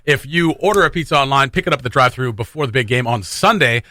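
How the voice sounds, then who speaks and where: A man's voice: mid-range voice, expressive, quick pace, pushed and bright, no echo, clean studio sound. A man hosting a morning radio show, chatting casually, laughing often and restarting his sentences. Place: radio studio.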